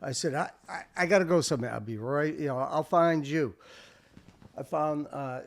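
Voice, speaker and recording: Gravelly older man telling war stories. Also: a little high, normal speed. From United States. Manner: animated, swearing, acts out shouted quotes. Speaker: veteran guest. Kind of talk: casual war storytelling.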